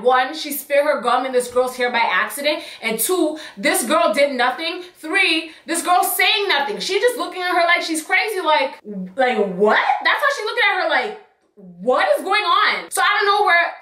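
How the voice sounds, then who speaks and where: A young woman telling a storytime on her vlog, sassy and animated, acting out what people said. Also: high-pitched, echoey room, recorded from a distance. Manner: sassy, animated, acts out quotes.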